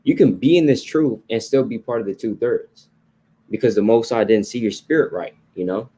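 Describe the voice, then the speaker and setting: A man's mid-range voice, dark and slightly rough, moves at a moderate pace. He's teaching the Bible informally in a conversational sermon, repeating points and adding "right?" and "you know" along the way.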